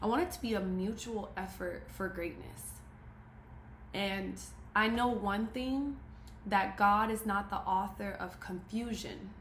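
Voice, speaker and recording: A woman's voice: medium pitch, unhurried, a bit bright, slight background noise. A woman giving an emphatic, preachy motivational talk to camera, repeating her key phrases. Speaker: motivational speaker. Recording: roomy echo, faint ambience.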